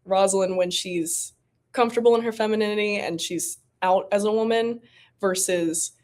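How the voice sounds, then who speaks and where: A woman's voice: mid-range voice, steady tone, moderate pace, darkish tone. A woman in her twenties, an actor guest on a podcast, chatting expressively and laughing often. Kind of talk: casual interview chat.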